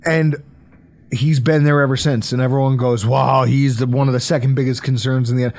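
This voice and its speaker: A man hosting a podcast, talking about football in a joking, animated way with quick asides. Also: medium pitch, creaky. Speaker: podcast host. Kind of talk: casual sports chat.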